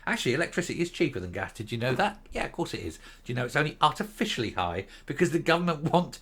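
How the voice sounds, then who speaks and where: Older vlogger, profane and scornful, with a bright, swinging delivery. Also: male voice, a little high, very animated, fast talker, slightly rough. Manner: profane, scornful, sarcastic ranting. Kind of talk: angry political rant.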